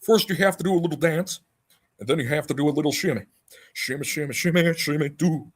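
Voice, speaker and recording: A man doing a hammy impression of a rock-and-roll king crooner giving a quick sales pitch. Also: breathy edge.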